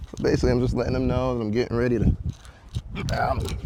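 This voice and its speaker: A man's voice: medium pitch, level tone, quick pace, creaky, pauses often, very noisy. A man casually showing his horse and explaining its care, talking in a laid-back way with casual slang. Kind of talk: casual vlog talk.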